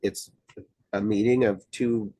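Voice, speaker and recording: A middle-aged man from Iowa, a wrestling official talking through rules in a casual podcast chat, measured and full of fillers. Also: on the low side, steady tone, dark tone. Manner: measured, explanatory, many fillers.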